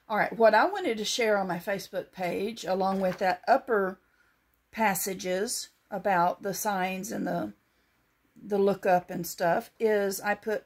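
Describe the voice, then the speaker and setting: A woman's voice: medium pitch, a little slow, slightly rough. A woman with a Southern American accent, chatting in a homespun way as she shows things to her viewers and reads scripture aloud. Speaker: vlogger. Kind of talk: casual show-and-tell vlog.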